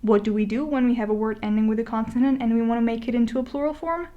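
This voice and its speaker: A woman with a slightly high voice narrates a Spanish grammar lesson over a whiteboard. She talks casually, with fillers and restarts. She slows down when she says the example words. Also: lo-fi sound. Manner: conversational, with many fillers and restarts, slowing to spell out example words. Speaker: Spanish teacher. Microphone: voice-over recording.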